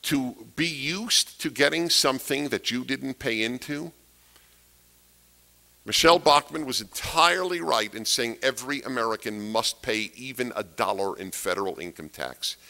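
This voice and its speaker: A man's voice: medium pitch, normal speed, vocal fry, bright, forceful tone. A man giving a political lecture to an audience, emphatic, repeating key phrases and asking rhetorical questions. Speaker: speaker giving a talk.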